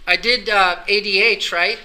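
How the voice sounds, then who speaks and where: Bright-voiced joking male science teacher. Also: high-pitched, fairly even intonation, a little slow. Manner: playful, teasing, rambling asides. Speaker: anatomy and physiology teacher. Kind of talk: joking classroom lecture. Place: classroom. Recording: classroom recording with background noise.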